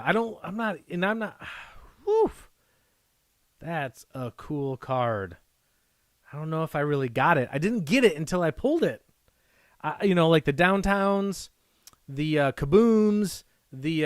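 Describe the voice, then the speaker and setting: A man's voice: fairly high pitch, a little slow, no echo, studio quality. A man hosting a live card break, chatty and rambling, who gasps and whoops when a good card comes up. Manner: excitable, gasping and whooping at pulls.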